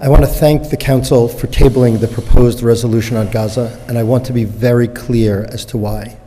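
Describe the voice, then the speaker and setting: A rabbi gives a prepared comment to a city council in a measured, deliberate way. His voice is mellow and mid-pitched, with a long echo from the chamber. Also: steady tone.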